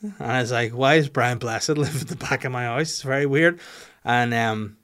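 At a moderate pace and mid-range pitch, a Northern Irish man hosts a podcast, casually recounting a spirited, profane story at his own expense.

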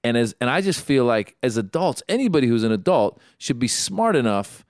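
A man's voice: medium pitch, very animated, fairly quick, dry recording, studio quality. A man in a casual podcast chat, easygoing and reflective.

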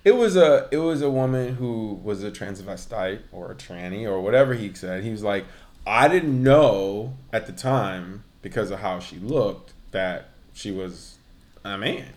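A man's voice: on the low side, unhurried. A man casually chatting as podcast co-host, retelling a story and acting out the people in it, swearing freely. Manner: animated storyteller, acts out quotes, swears freely.

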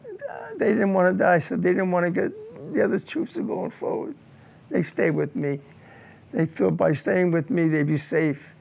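An older man, a war veteran, telling his combat memories in an oral history interview, halting and repeating words as he goes. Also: fairly high pitch, vocal fry, darkish tone, husky.

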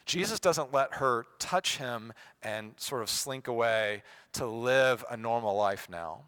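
A man preaching a sermon in a bright, forceful voice. He drops to near-whispers and then rises to loud emphasis, and he acts out the quoted speakers with a sarcastic edge. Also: medium pitch. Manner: dynamic, swings from hushed to loud emphasis.

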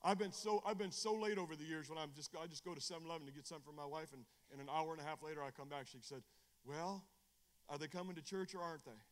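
At a Bible study, a middle-aged male evangelist preaches with great fervor at a very fast clip, barely pausing, his tone steady. He keeps repeating phrases and starting over, shifting between booming bursts and soft confidences.

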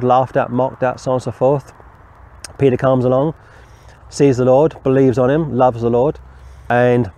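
A man's voice: mid-range voice, gravelly, mellow. A man giving an informal Bible teaching in a rambling, conversational way, with asides and restarts. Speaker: preacher.

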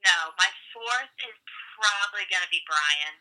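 A woman's voice: mid-range voice, animated, normal speed, sharp tone, rough recording. A young woman guesting on a podcast, chatting in a gushy, conversational way with lots of "like". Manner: gushy, conversational, says "like" often. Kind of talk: casual podcast chat.

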